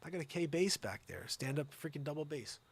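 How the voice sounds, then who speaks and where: A man's voice: fairly high pitch, animated, a little fast, slightly rough. A man hosting a comedy news livestream, ranting and sarcastic, with swearing asides.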